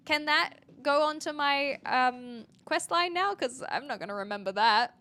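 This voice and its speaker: A woman's voice: sits high, animated, a little slow, hardly any pauses, sharp tone, clean tone. An American woman streaming a game, chatting casually, laughing often and answering chat. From United States. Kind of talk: casual live game commentary.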